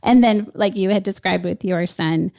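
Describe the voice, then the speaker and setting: A woman's voice: medium pitch, moderate pace, creaky, darkish tone, no room sound, clean studio sound. A woman hosting a podcast, asking thoughtful questions in a casual interview chat. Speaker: podcast host.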